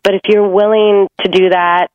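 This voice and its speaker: A woman's voice: medium pitch, flat delivery, moderate pace, dry recording. Reassuring woman coach on a dull line. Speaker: relationship coach. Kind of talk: podcast guest advice.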